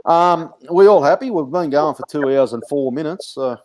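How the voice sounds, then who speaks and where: A man's voice: on the high side, normal speed, a little mellow, no room sound. A man hosting a casual podcast, laid-back, swearing and laughing easily as he wraps up the show. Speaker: podcast host. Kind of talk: casual chat, signing off the show.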